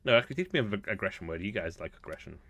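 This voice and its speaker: A chatty man with a lowish voice talks through his game as he plays. He thinks aloud in a relaxed, amused way. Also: rapid-fire. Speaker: gaming video host. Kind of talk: relaxed gameplay commentary.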